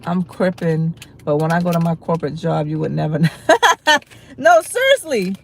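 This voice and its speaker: Female livestream host, low gravelly voice, loose rambling delivery. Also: little pitch movement, fast talker, warm tone, slight background noise, low-quality recording. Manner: rambling, filler-heavy talk with many restarts. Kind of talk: casual livestream chat to viewers.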